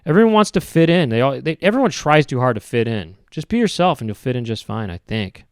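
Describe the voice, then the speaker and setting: A man's voice: medium pitch, very animated, quick pace, clean tone, no room sound, studio quality. A man hosting a solo podcast, talking in a meandering, hesitant way with wry complaints about everyday habits. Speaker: podcast host. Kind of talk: rambling solo podcast monologue.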